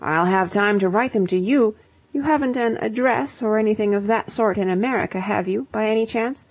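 A woman reading an audiobook voices a devoted young gentleman, speaking slowly and haltingly. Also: mid-range voice, pitched above the performer's own voice, close to an everyday voice. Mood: earnest. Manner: slow, halting, meditative. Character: devoted, dreamy young gentleman, slow-witted.

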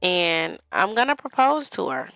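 A woman's voice: fairly low pitch, very animated, measured pace, sharp tone, no room sound, faint music behind, poor audio. A young woman giving casual gameplay commentary in a life-sim game, chatty and talking straight to her viewers. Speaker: gaming vlogger.

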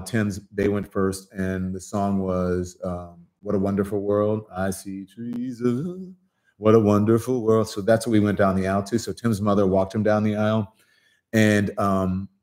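A man's voice: fairly low pitch, a little mellow. A man hosting a casual live show, chatting in a loose, rambling way and answering viewer comments. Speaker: host. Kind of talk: casual livestream chat.

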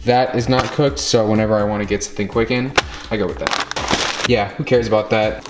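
A man talking casually to his viewers in a vlog, chatty and rambling with quick jokes. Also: lowish voice, steady tone, loud music behind the voice. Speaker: vlogger.

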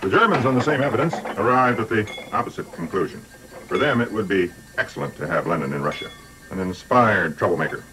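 An older man presenting a documentary in measured, scripted narration with dry, wry asides. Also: lowish voice, expressive, background noise.

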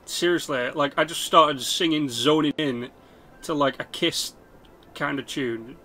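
A man's voice: on the high side, a little slow, bright, forceful tone. A man rambling and swearing through casual game commentary, joking about himself as he plays. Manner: rambling, swears a lot, self-mocking. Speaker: gaming channel host. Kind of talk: rambling let's-play commentary.

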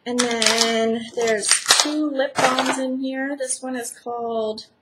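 Gushing woman vlogger, high unhurried voice. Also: steady tone, roomy sound, very noisy. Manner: chatty, gushing, rambling. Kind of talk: casual unboxing chat.

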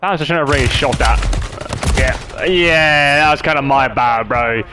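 Male streamer, mid-pitched, swears constantly while trash-talking. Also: measured pace, noisy background. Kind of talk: live gaming commentary.

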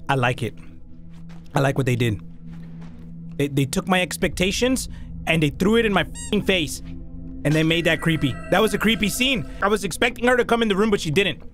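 A young man from Mexico with a Mexican accent, commentating a horror game, coaching himself in hushed tones, then yelping and swearing, switching into Spanish. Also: fairly high pitch, animated, fairly quick, faint music behind. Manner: jumpy, swings from hushed self-coaching to loud yelps, profane, switches into Spanish. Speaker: gaming YouTuber. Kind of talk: let's play commentary.

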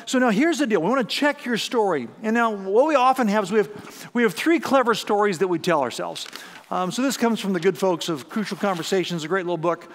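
A male pastor giving a sermon, lively storytelling with questions to the congregation. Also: high voice, in a large hall. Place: church auditorium.

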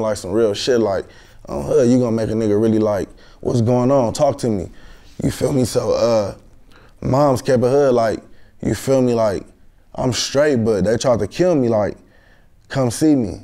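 A man's voice: medium pitch, mellow. A young man, a guest telling a story in an interview in a slangy street manner with many fillers.

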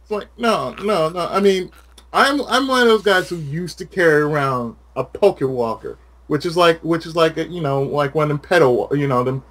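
A man's voice: fairly high pitch, moderate pace. A man chatting casually with a friend, ranting with lots of swearing. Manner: profane, ranting, animated. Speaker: channel host.

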